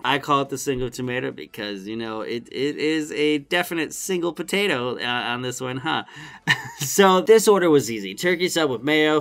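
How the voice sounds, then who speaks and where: Animated young man telling a story. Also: on the high side. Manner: animated, acts out customers and shouts. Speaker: vlogger. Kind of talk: story time vlog.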